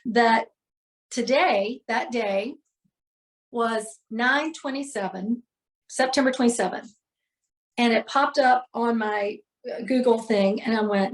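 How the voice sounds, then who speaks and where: A woman's voice: medium pitch, fairly even intonation, a little slow. A middle-aged woman, a healer and podcast guest, candidly retelling a hard personal day with emotion and lots of fillers.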